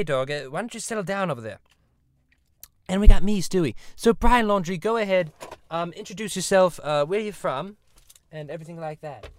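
A man's voice: sits high, noisy background. A man hosting an improvised comedy chat, talking in a rambling, crude way with lots of restarts. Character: host calling himself a cartoon baby. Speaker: host.

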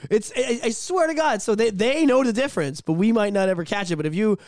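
East Coast Canadian man, podcast host, rapid, swears a lot, dry close sound. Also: high voice, no echo. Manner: rambling, profane, animated storytelling. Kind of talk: casual chat.

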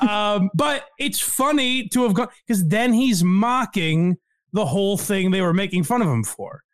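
A man co-hosting a casual comedy podcast, talking in an animated way, laughing often and quoting people in voices. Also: high-pitched, a little slow. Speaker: podcast co-host.

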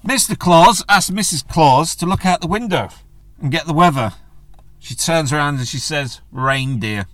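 A man's voice: on the high side, moderate pace, a bit bright, no echo. A man hosting his own solo podcast, ranting in a blunt, crude, joking way with plenty of swearing. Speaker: podcast host. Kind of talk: casual solo podcast rant.

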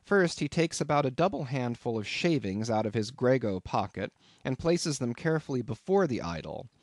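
A man reading a classic novel aloud as an audiobook narrator, in an expressive, dramatic way. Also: mid-range voice, moderate pace, dry recording.

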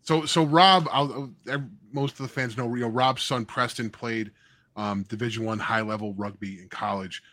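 A man's voice: mid-range voice, steady tone, normal speed, fairly bright tone, no echo. A man co-hosting a casual podcast, rambling with many restarts. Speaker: podcast co-host.

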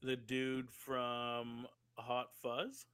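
A man's voice: mid-range voice, completely flat delivery, extremely slow, a bit bright, smooth, dry recording. A man co-hosting a podcast in casual chat, goofy and full of jokey asides. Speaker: podcast co-host.

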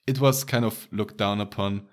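A man's voice: lowish voice, steady tone, moderate pace. A man with a light Romanian accent, a native Romanian speaker, chatting casually with a friend, laughing often and restarting his sentences. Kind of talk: casual chat.

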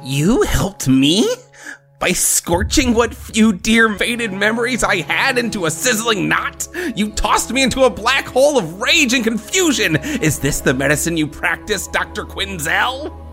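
A theatrical, sadistic clown villain, as a man puts him on for a comedic podcast reading. The voice sits high and leaps all over the place, stretching words out with hammy menace. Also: big pitch swings, unhurried, bright, forceful tone, faint music behind, exaggerated voice. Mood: menacing.

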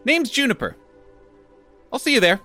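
A man voicing a small, perky halfling rider who is guarded but cheerful, speaking in a high, sing-song way. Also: very animated, moderate pace, pushed and bright, soft background music, full character voice.

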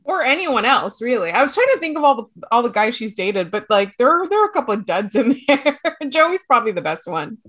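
A woman's voice: a little high, sing-song, fairly quick, hardly any pauses, fairly bright tone. A woman in a casual chat who teases her friends and laughs often.

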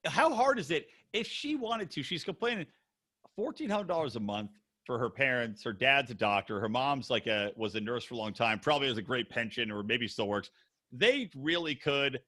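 Lively, bright-voiced man ranting bluntly. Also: medium pitch, normal speed. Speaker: podcast co-host. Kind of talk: casual podcast chat.

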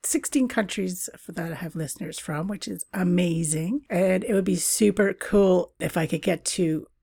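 A woman's voice: fairly low pitch, normal speed, vocal fry, mellow, slightly rough, dry recording, clean studio sound. A middle-aged woman from Canada hosting a travel podcast, chatting casually in a bubbly way and laughing often. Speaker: podcast host.

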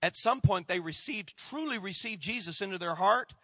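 A middle-aged man preaching a sermon as a lively storyteller, slipping into the voices of the people he quotes and sinking low for the tense parts. His voice is bright and forceful, on the high side for a man. The sound is close and dry. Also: normal speed, slightly rough, no echo. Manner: animated storyteller, acts out quoted voices, drops to hushed tones. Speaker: pastor.

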